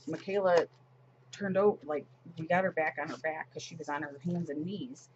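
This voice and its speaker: A woman's voice: deep voice, normal speed, lo-fi sound, slight background noise. Chatty woman vlogger telling a story. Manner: chatty, animated retelling with many fillers and restarts. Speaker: planner vlogger. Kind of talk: casual storytelling while decorating a planner.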